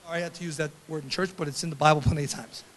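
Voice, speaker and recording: An older man preaching a sermon as pastor, shouting his points with emphasis and then dropping to quiet storytelling. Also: a little high, fairly even intonation, very fast, a little hiss or hum.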